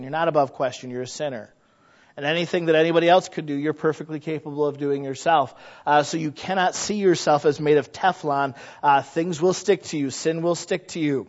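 A man's voice: fairly high pitch, steady tone, moderate pace. A man preaching a sermon in an earnest, conversational way, often asking rhetorical questions. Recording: dull lo-fi recording.

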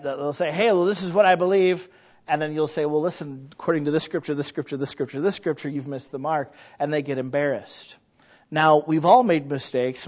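A man preaching a sermon in an earnest, conversational way, often asking rhetorical questions. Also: fairly high pitch. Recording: dull lo-fi recording.

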